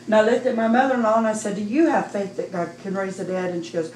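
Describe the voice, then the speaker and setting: A middle-aged woman with a Midwestern American accent gives a heartfelt personal testimony in church, her voice rising toward near-shouting as she recounts praising God. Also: mid-range voice, fast. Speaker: church member giving testimony. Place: church sanctuary. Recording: echoey room, distant mic, faint noise.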